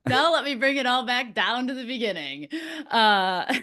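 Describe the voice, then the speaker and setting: A woman's voice: on the high side, expressive, normal speed, sharp tone. A woman, a business coach hosting, speaking candidly, emotional and blunt, swearing freely. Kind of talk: candid conversational talk.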